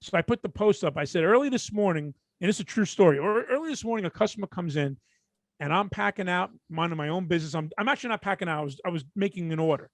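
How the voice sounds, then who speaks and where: A man from Brooklyn, co-hosting a podcast and telling an animated, profane story that acts out the people in it. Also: high voice, quick pace, no room sound. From Brooklyn, New York. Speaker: podcast co-host.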